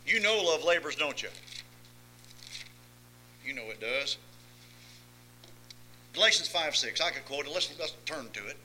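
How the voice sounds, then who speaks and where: A man preaching a sermon, swinging between soft asides and loud emphatic lines, often asking the congregation if they follow. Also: a little high, expressive, unhurried, pauses often, slight background noise, poor audio. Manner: folksy, asks listeners if they follow.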